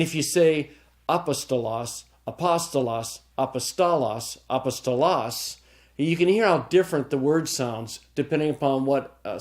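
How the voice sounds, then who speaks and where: A man's voice: mid-range voice, darkish tone. A man teaching a recorded lesson, patient and repetitive, often checking in with the listener. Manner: patient, repeats key points and checks with "okay?". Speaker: Greek teacher. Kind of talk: recorded lecture.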